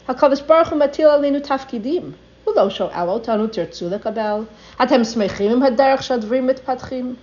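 A woman's voice: fairly high pitch, darkish tone. An older woman giving an earnest religious talk, reading passages aloud and then translating them. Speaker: Torah teacher. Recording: dull lo-fi recording.

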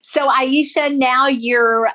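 Unhurried woman co-host, gentle and measured, asking interview questions. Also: high voice, fairly even intonation. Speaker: podcast co-host.

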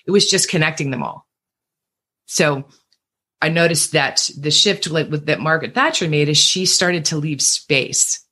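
A woman with a low, husky voice, a singer and voice coach appearing as a guest on a podcast. She explains her points carefully and backs them up with examples, in a relaxed, conversational tone. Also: unhurried. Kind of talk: casual interview chat.

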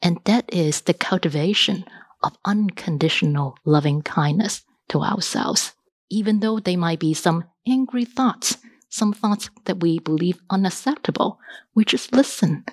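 A woman giving a dharma talk as a meditation teacher, gentle and reassuring, unhurried, with pauses and fillers. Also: fairly low pitch, dry recording, clean studio sound.

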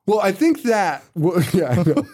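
A man in casual podcast chat about a horror film, swearing freely and laughing through his lines. His voice sits a bit high and swings widely in pitch as he gets worked up. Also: normal speed. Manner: profane, animated, laughs often. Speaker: podcast co-host. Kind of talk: casual movie review chat.

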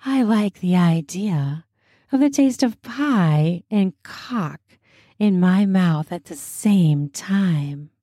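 A woman voicing a playful young waitress with a breathy, coy delivery. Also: fairly low pitch, animated, takes it slowly, dark tone, no echo, studio quality. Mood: teasing.

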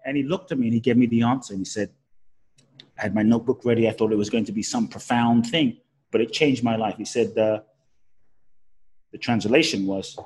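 Brief: male guest speaker, husky tone, emotional storyteller whose pitch leaps and who often restarts mid-sentence. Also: brisk, long pauses. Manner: animated, swooping pitch with frequent restarts. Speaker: guest, spiritual teacher.

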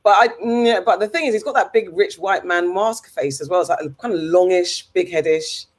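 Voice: mid-range voice, a little fast. A podcast co-host in casual chat, talking in a rambling, chatty way and laughing often.

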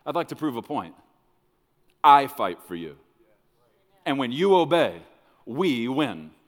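A man's voice: medium pitch, big pitch swings, slow pace. A man voicing God speaking casually and assuredly in a sermon, in a reverberant hall. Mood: calm, assured. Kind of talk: acted quote in a sermon. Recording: long reverb of a large hall.

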